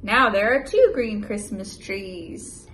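A young woman and mother chatting casually in a home vlog and reading a children's picture book aloud with lively sound effects. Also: medium pitch, slow. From United States. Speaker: vlogger, mother.

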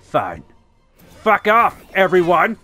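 A gamer giving excitable, sweary commentary over their own gameplay. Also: mid-range voice, slow pace, soft background music. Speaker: let's play gamer.

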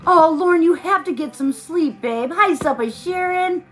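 A woman's voice: extremely high pitch, animated, normal speed, fairly bright tone. A tired woman hosting a live stream, chatting casually while she crafts and greeting viewers by name with pet names.

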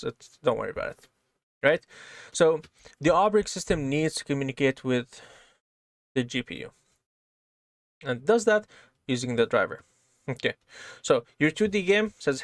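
A man's voice: mid-range voice, animated, normal speed, gravelly, pauses often, no echo, clean studio sound. A man teaching programming in a casual, step-by-step way, often checking in with "right?". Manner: casual, explains step by step, keeps asking "right?". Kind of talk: screen-share coding lesson.

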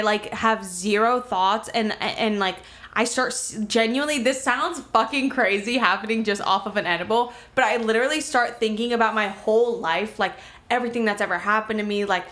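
A woman's voice: a little high, moderate pace. A woman from Miami telling a wild story in a casual podcast chat, rambling and full of filler words. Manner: rambling, filler-heavy, animated retelling. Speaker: podcast co-host.

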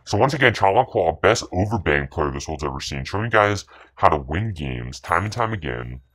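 Animated and sharp-toned, with a low voice at a moderate pace, this man provides commentary on his own video game match. He boasts, curses, and scorns the other players, returning repeatedly to the same catchphrases.

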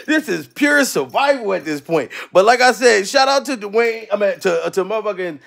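A man hosting a live stream, ranting profanely in a loose, rambling way, laughing often and shouting out viewers in the chat, his voice going hoarse. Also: very high voice, lively intonation, moderate pace. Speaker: livestream comedian host.

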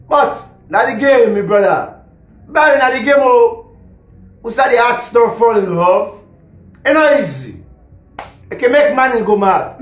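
A man's voice: sits high, a bit bright. Man, Sierra Leonean Krio accent, rambling live-stream monologue; raised voice, reverberant room. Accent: Sierra Leonean Krio English. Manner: rambling, repetitive, laughs between lines. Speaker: musician and social media personality. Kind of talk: casual live-stream rant. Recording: echoey room.

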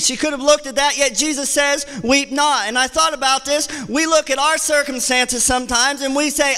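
A man preaching a sermon as associate pastor, with impassioned delivery that repeats phrases and rises to shouts. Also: very high voice, moderate pace. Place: church sanctuary. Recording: church hall reverb.

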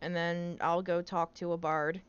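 A young woman playing in a casual tabletop game, giggly and quick to joke. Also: fairly low pitch, level tone, clear, resonant tone. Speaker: player and co-host. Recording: dull lo-fi audio.

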